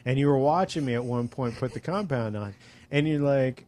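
A man's voice: medium pitch, darkish tone. A man in casual conversation, talking reflectively with frequent fillers and restarts. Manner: reflective, speaks at an unhurried pace with many fillers. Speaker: friend in conversation. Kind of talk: casual chat.

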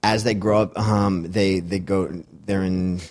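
A man's voice: deep voice, flat delivery, measured pace, darkish tone. A man in casual chat, telling a rambling story and laughing easily.

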